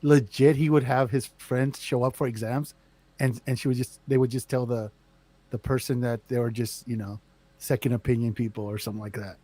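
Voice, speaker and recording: A man co-hosting a casual podcast, telling a story in halting bits. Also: medium pitch, steady tone, dark tone, dry recording. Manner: halting, with fillers and restarts. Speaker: podcast co-host. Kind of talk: casual chat.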